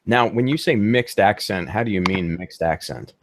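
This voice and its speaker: A man's voice: on the low side, expressive, moderate pace, a little hiss or hum. A man co-hosting a casual live hobby talk show, joking and rambling with fillers. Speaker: co-host. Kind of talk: casual livestream chat.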